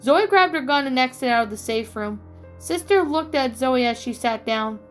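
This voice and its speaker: A woman reading her own fan fiction story aloud, haltingly, with restarts. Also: high voice, animated. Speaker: story reader. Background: faint music.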